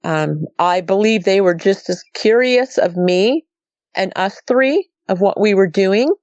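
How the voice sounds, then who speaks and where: In a muffled recording without echo, a medium-pitched woman speaks at a measured pace. She's a middle-aged Montana native interviewed about a sighting, recounting it casually and acting out dialogue with lots of "she goes."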